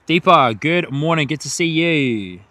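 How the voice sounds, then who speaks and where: With a fairly high, expressive voice that's bright and forceful, this man speaks unhurriedly on a dry recording. Originally from the United Kingdom and carrying an Australian and New Zealand twang, he hosts a live outdoor plane-spotting stream at an airport, chatting and laughing often over viewer messages.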